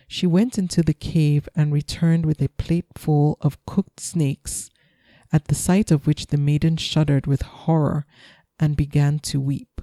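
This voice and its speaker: A woman reads a folktale in a slow, soothing bedtime style. Her voice is very dark and mellow. The sound is close and dry. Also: sits low, fairly even intonation, creaky, no room sound. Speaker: storyteller. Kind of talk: calm bedtime story reading.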